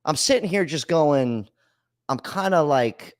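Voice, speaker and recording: A man's voice: fairly high pitch, lively intonation, measured pace, dry recording, studio quality. A man hosting a call-in podcast, ranting bluntly and swearing about living costs in casual chat. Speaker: podcast host. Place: home studio, Florida.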